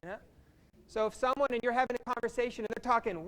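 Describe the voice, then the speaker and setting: A workshop facilitator from Kansas, leading a live group icebreaker in an energetic, playful way and speaking slowly for the room. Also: medium pitch.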